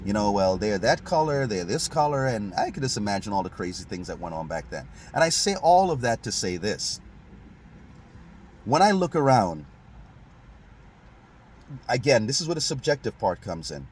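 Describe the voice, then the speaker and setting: A man from Saint Kitts and Nevis hosts a relaxed history chat at a mid-range pitch. He talks conversationally, laughs often and restarts his sentences. A faint hiss sits under the recording. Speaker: host.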